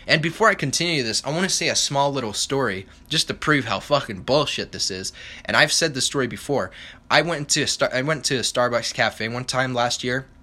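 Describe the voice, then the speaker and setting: Young man, solo podcast rant, angry and profane, sharp bright voice. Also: mid-range voice, brisk. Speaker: podcast host.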